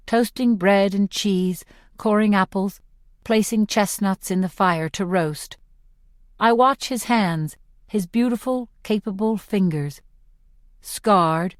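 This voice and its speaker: A woman narrating a novel in the first person as an audiobook, reading slowly, clearly and with measured phrasing. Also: medium pitch, no echo, clean studio sound.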